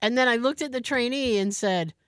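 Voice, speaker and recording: Lively high-voiced woman telling a story. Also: fairly quick, clear, resonant tone, no echo, studio quality. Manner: animated, acts out the people in her story. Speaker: podcast co-host. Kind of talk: casual storytelling chat.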